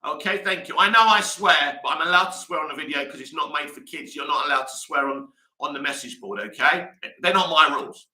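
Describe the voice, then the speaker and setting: A man's voice: fairly high pitch, fairly quick, pushed and bright, reverberant, far from the mic. A man hosting a live movie news stream, talking passionately and rambling straight to his viewers. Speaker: movie news channel host.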